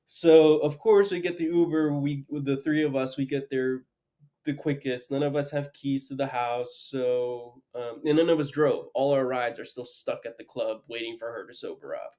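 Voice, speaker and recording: Young male podcast host, mid-pitched, casual rambling storyteller. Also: normal speed, mellow. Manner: rambling, heavy use of "like".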